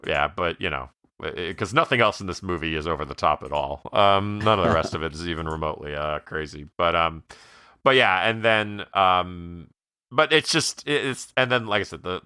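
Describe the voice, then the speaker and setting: A man's voice: deep voice, animated, brisk, bright, forceful tone, clear, resonant tone, no room sound. A man co-hosting a movie podcast, talking enthusiastically and rambling with many fillers. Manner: enthusiastic, rambling, lots of fillers, laughs while quoting. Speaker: podcast co-host. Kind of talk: casual movie discussion podcast.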